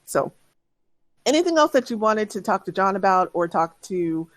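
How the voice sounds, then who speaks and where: A woman's voice: mid-range voice, very animated, moderate pace, no echo. Lady game master rambling thru the scene, dry close sound, lots of ums. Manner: rambling, lots of fillers and restarts. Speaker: dungeon master. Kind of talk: narrating a tabletop game.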